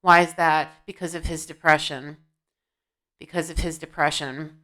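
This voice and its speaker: This intuitive reader has a low, bright, forceful voice with flat delivery at normal speed. She does a tarot-style reading to camera from home, scolding bluntly and answering the questions she asks her guides.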